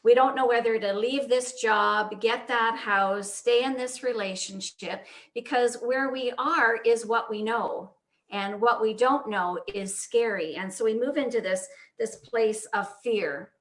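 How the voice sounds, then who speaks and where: A woman's voice: a little high, a little slow. A woman in her sixties giving a sermon as guest minister over a video call, telling a story in an easy, conversational way. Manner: warm storyteller, breaks off to fix screen sharing with soft laughs. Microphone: video call microphone.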